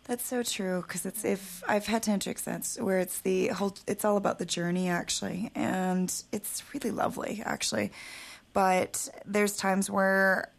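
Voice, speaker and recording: A woman's voice: medium pitch, fairly even intonation, a little slow, vocal fry. A woman co-hosting a radio talk show and running the board, frank and wry. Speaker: radio co-host and board operator. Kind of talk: casual radio chat.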